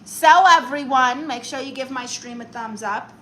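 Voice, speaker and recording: A bright, fairly high-voiced woman hosts a comedic live stream, chatting playfully with her viewers. She reads their comments aloud and answers them in a mock-serious tone. She talks close to the mic, with a faint hum of room ambience behind her. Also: normal speed, poor audio. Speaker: comedic livestream host.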